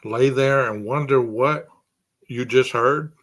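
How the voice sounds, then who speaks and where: Slow, questioning true crime podcaster man. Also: medium pitch, fairly bright tone. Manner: asks string of rhetorical questions. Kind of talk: speculative true crime commentary.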